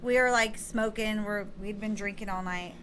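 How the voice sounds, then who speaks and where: A woman's voice: medium pitch, fairly even intonation, normal speed, fairly bright tone, a little hiss or hum. A woman guest telling bawdy stories in casual chat, giggly and swearing often. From California.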